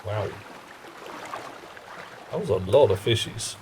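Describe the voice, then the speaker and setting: A man casually commenting on his game and chatting with viewers on a live stream, in a relaxed, rambling way. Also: on the low side, slow pace, slight background noise.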